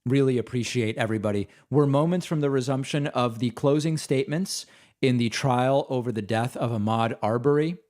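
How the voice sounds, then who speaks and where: A man hosting a livestream, making quick casual asides and thanking viewers. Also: medium pitch, darkish tone. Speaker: livestream host.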